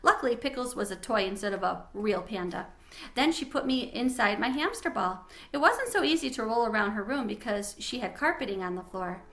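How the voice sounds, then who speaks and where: A woman reading a children's chapter book aloud in an expressive, gentle way. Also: on the high side, a little fast. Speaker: storybook reader.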